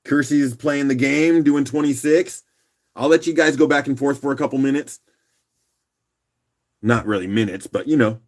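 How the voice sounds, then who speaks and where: Male auction host, rough morning voice, easygoing chatter, mid pitch. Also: moderate pace, long pauses. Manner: relaxed, chatty, clears throat often. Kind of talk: casual live auction chat.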